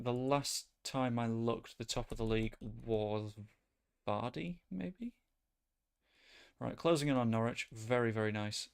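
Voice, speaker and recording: A man chatting casually as he streams a football management game, rambling and breaking into sudden excited outbursts. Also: mid-range voice, vocal fry. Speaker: gaming streamer. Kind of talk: casual gameplay commentary.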